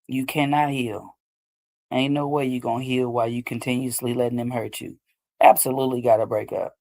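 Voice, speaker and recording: A woman's voice: rumbling low, steady tone, a little fast, a little mellow. A woman hosting a show, talking casually and loosely about healing after heartbreak, often asking "you know what I'm saying". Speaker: host. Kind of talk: casual advice talk.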